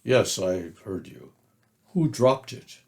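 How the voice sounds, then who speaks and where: A man voicing a gloomy old male donkey, speaking slowly and mournfully in a storybook reading. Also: on the low side, animated, creaky, darkish tone, heavily acted.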